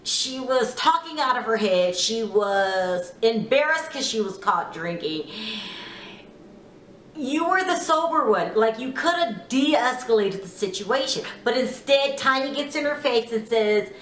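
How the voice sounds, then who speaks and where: A woman casually recapping a reality TV episode, chatty, with many fillers, quoting people in animated bursts. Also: fairly high pitch, measured pace, distant mic, a little hiss or hum. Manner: chatty, lots of "you know", quotes people in lively voices. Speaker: TV recap vlogger. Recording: echoey room, off-mic.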